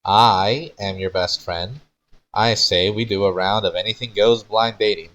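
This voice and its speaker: A man's voice: fairly low pitch, steady tone, normal speed, fairly bright tone, lo-fi sound, natural voice. A man doing a pushy, scheming young guy. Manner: emphatic, insistent.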